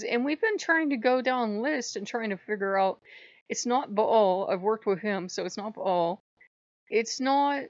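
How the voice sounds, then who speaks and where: A woman's voice: medium pitch, unhurried, dry recording, highs cut off. A woman vlogging casually about her spiritual practice, rambling and irreverent, laughing often. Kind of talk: casual monologue to camera.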